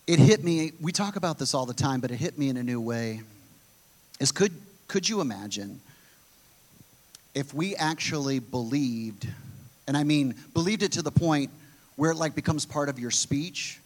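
An earnest male preacher gives a conversational sermon in a somewhat high voice. He thinks aloud, doubling back and restarting his sentences before pressing on. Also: expressive, moderate pace, a little mellow.

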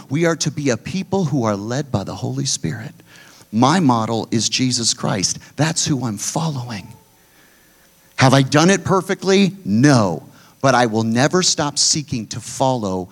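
Emphatic preaching man, big swings. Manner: emphatic preaching, swinging between loud high pushes and low quiet drops. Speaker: pastor. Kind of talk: sermon.

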